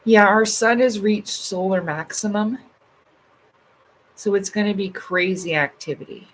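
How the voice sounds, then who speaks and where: A woman's voice: mid-range voice, unhurried, a little hiss or hum, low-quality recording. A woman hosting a casual livestream, chatting loosely with her viewers, full of fillers and swearing freely. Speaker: livestream host. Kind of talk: casual live chat reading comments.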